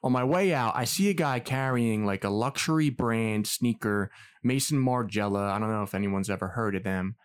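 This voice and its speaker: Man, podcast co-host, casual storytelling, animated, acts out quotes, swears. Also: on the low side, normal speed, clear, resonant tone.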